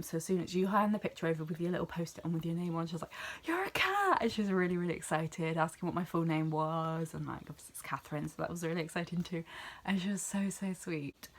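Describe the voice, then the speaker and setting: Gravelly young English woman, chatty vlog. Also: lowish voice, fairly even intonation, quick pace. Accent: West Country English. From England. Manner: chatty, gushing, rambling. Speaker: vlogger. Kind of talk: casual chat.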